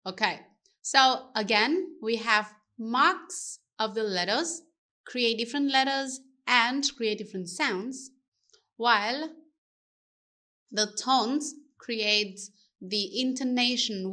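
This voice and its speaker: A woman's voice: a little high, pushed and bright. A woman teaching a language lesson, explaining carefully and asking rhetorical questions along the way.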